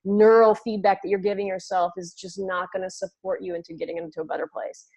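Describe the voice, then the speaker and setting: A woman guest talks quickly and earnestly, encouraging the listener with frequent "you know"s. Her voice sits at a middling pitch. She sounds supportive and conversational. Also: flat delivery, a little mellow, rough recording. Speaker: guest coach. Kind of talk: casual conversation.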